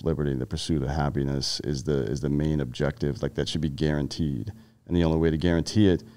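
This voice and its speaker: A man in his thirties from the Carolinas, an army veteran appearing as a podcast guest, has a rumbling low, slightly mellow voice. He talks bluntly and profanely in casual conversation, telling stories with frequent restarts.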